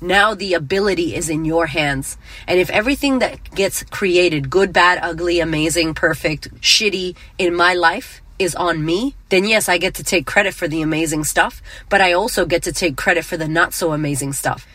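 A woman's voice: on the low side, normal speed, hardly any pauses, fairly bright tone, no echo. A middle-aged woman hosting a motivational podcast, talking bluntly and emphatically, with frequent swearing. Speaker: podcast host.

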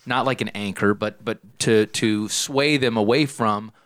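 A man co-hosting a podcast in casual chat, earnest and affirming, slowing down to make his points. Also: on the low side, fairly bright tone, no room sound. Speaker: podcast co-host.

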